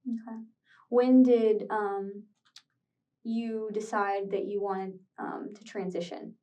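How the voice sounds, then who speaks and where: A woman questioning a teen in an interrogation room, calm and patient with probing questions. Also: mid-range voice, slow pace. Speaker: police interrogator. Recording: distant room mic recording.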